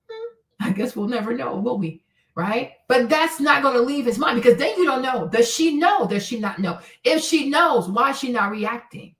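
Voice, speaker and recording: A woman's voice: a little high, expressive, moderate pace, roomy sound, distant mic. A woman hosting a livestream, handing out blunt relationship advice in a brash, profane, mocking way. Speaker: livestream host.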